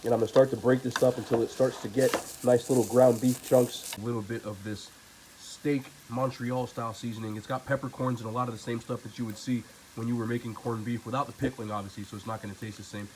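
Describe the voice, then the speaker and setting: A man's voice: medium pitch, fairly even intonation, fast talker, background noise. A man with a nasal voice who is feeling sick, chatting casually as he cooks in his home kitchen for his cooking channel. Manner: laid-back, chatty, talks while cooking. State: sick, under the weather.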